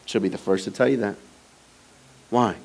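A middle-aged male pastor preaching a sermon in a church, moving between conversational, teasing asides to the congregation and animated, rising emphasis. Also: lowish voice, moderate pace, creaky. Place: church sanctuary.

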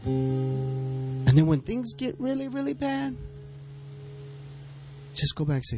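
A middle-aged man preaching a sermon, telling a story with lively back-and-forth dialogue. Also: high voice, takes it slowly, long pauses, over music. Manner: storytelling, animated, acts out quoted exchanges. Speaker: pastor.

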